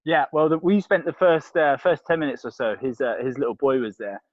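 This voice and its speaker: Chatting casually as a podcast guest, this crisp reviewer from London rambles, restarting often and using lots of fillers. He speaks briskly in a steady, medium-pitched voice, and the recording is dry and muffled.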